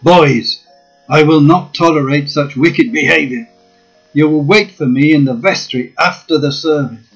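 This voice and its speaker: A man's voice: fairly high pitch, animated, measured pace. A man voicing a stern, commanding vicar who bellows his reprimands. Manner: loud, bellowing and reproachful. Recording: dull lo-fi with faint guitar.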